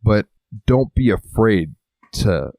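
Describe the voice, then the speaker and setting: A man's voice: fairly low pitch, big pitch swings, slow, vocal fry, mellow, no room sound. A man co-hosting a casual podcast, rambling and swearing freely, acting out little quotes as he talks. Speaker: podcast co-host. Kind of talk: casual chat.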